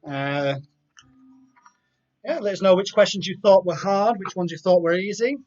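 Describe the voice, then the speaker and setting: With a high, somewhat dark voice at a moderate pace, a man hosts a live online quiz. Between questions he chats casually, and he reads multiple-choice options aloud; the recording is dull lo-fi with faint music.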